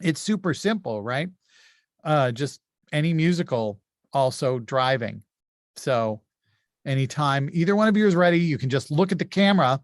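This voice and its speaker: A man hosting a streamed insult comedy game, brisk and joking, often laughing as he reads out the rules. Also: fairly high pitch, lively intonation, no room sound, clean studio sound.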